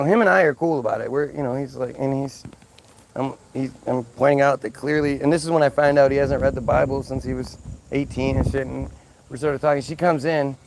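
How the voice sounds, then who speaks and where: A man's voice: medium pitch, creaky. A man telling a story in a casual, exasperated rant, swearing freely and restarting often. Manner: exasperated, profane, lots of restarts. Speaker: vlogger.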